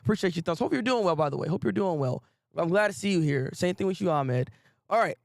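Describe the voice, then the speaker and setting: A man hosting a casual anime talk stream, reading out viewer names and repeating himself with animated, slangy energy. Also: high voice, quick pace, vocal fry, no room sound, studio quality. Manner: animated, repetitive, slangy, greets chat viewers. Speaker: host.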